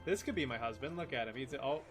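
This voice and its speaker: Male streamer, middle-pitched voice, crude jokey rambling, faint music underneath. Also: expressive, quick pace, fairly bright tone. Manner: joking, crude, rambling with frequent laughs. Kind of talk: casual live-stream commentary.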